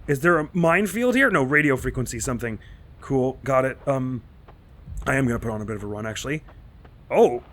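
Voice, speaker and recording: A man's voice: medium pitch, lively intonation, a little fast, a bit bright. A man commentating a horror game let's play, rambling and self-mocking, getting panicky and mumbly when spooked. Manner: rambling and self-mocking, jittery with nervous asides. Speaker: gaming channel host.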